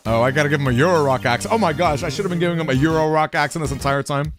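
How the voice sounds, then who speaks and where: A man giving casual gameplay commentary as a streamer, with excited, gushing asides. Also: medium pitch, rapid-fire. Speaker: game streamer. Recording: game music under the voice.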